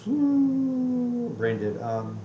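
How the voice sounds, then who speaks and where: A man's voice: very high voice, wildly swooping pitch, very slow, dull audio. Man, casual vlog rant, profane and heated, roomy echo, faint hiss. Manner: heated, profane storytelling with many restarts. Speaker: vlogger. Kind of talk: casual rant about his day. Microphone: webcam.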